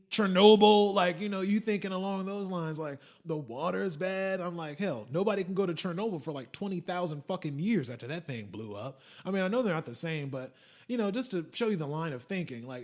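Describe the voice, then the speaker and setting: A man's voice: a little high, darkish tone. A man hosting a casual solo podcast, rambling and swearing, switching into mocking quoted voices. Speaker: podcast host.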